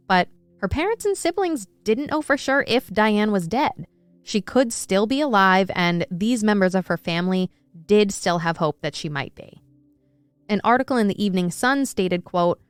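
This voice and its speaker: A woman's voice: medium pitch, smooth, no echo. A woman co-hosting a true crime podcast, reading news quotes and ranting indignantly with frequent swearing.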